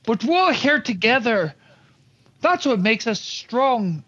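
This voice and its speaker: A man playing a tabletop game, giving loud, boisterous in-character toasts with a dull, muffled sound. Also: very high-pitched, sing-song, takes it slowly. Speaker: player.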